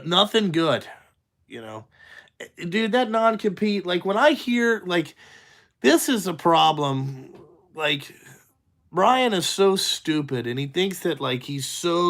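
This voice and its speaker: A man's voice: a little high, fairly bright tone. A man who drives trucks, ranting casually for his channel, blunt and profane, full of fillers and "you know what I'm saying?". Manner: talks in loose run-on asides, asks "you know what I'm saying?".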